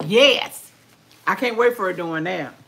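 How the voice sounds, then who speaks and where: Older lady chatting slow and folksy while she eats, bright voice that bounces all over. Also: mid-range voice, animated, gravelly, a little hiss or hum. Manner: folksy, chatty, talks with mouth full. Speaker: vlogger. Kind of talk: casual livestream chat while eating.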